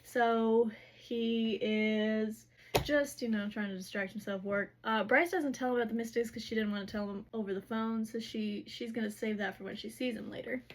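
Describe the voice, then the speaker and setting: In a fairly high, steady voice at normal speed, with slight background noise, a woman chats through a fantasy novel recap for her vlog. It's a rambling, filler-heavy account full of "like" and "whatever."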